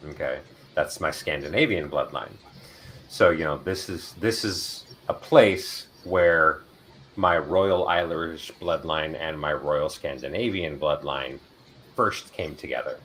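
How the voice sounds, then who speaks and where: A man hosting a talk show and giving readings, speaking slowly and in a measured way as he makes grand claims. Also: a bass voice, a bit bright, rough recording. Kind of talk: casual talk. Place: city in Ireland.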